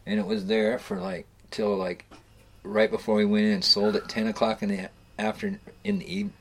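A man's voice: lowish voice, normal speed, gravelly. A middle-aged man casually telling rambling fishing stories, swearing freely and restarting his sentences. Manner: rambling, profane, with frequent restarts and chuckles. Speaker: storyteller recounting fishing trips. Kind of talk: casual spoken storytelling.

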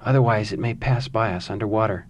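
A man voicing a calm seventy-year-old hunter who speaks softly but with confidence, in a storybook reading. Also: on the low side, quick pace, a little hiss or hum, natural voice. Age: 70s.

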